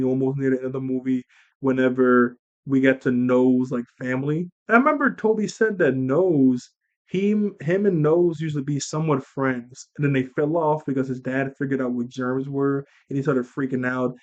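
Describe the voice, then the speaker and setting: A young man casually recapping a movie he watched as a kid, rambling, animated and laughing as he acts out lines. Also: medium pitch, muffled recording. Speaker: movie reviewer.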